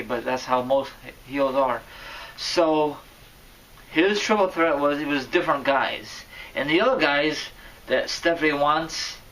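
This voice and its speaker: A man giving casual wrestling vlog commentary, rambling and correcting himself, with sudden loud bursts. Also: a little high, recorded from a distance, rough recording. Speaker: wrestling vlogger.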